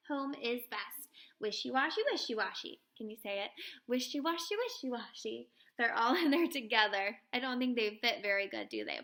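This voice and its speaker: A woman teacher reading a picture book aloud to children, expressive and pausing to ask them questions. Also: high voice.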